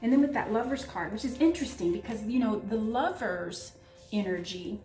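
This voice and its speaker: A woman giving an excitable, gushing tarot reading, talking straight to her viewers. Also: medium pitch, brisk, echoey room, faint music behind. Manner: excitable, gushing, breathless asides. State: out of breath. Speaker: tarot reader.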